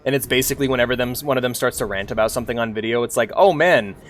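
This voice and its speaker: A man's voice: mid-range voice, fairly even intonation, rapid-fire, fairly bright tone. A young adult man streaming a game, ranting casually and animatedly, swearing and laughing often. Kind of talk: casual rant while gaming.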